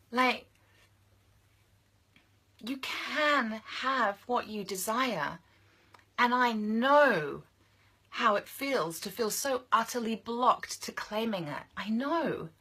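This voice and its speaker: A young woman delivers a fired-up motivational talk to her audience of women. Her voice has a breathy, husky edge, yet it cuts through with a bright, tense push. She leans on repetition to drive each point home. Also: mid-range voice. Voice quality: passionate, emphatic, repeats phrases for force. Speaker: women's business coach. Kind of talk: motivational monologue to camera.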